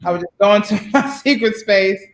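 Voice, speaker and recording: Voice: mid-range voice, fairly quick, slight background noise. A podcast co-host in casual chat, blunt, sardonic and profane, laughing now and then. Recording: roomy echo.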